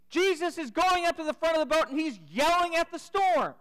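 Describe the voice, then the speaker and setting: High-voiced man preaching in a reverberant church. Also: lively intonation, fairly quick, hardly any pauses. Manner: dramatic retelling, dropping to a hush for the climax. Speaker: pastor. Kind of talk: sermon storytelling. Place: church sanctuary. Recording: church sanctuary with long reverb.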